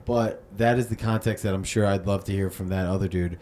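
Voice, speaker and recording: A man's voice: deep voice, steady tone, a little fast, dark tone. A man from South Jersey co-hosting a podcast, telling stories in a loose, profane, casual way. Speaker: podcast co-host. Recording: noticeable background noise.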